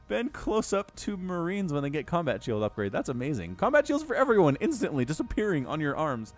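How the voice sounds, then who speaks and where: A young man casting a strategy game, chatty and animated, jumping up sharply when the action heats up. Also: fairly high pitch, brisk, hardly any pauses, faint music behind. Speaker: game caster. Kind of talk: game commentary.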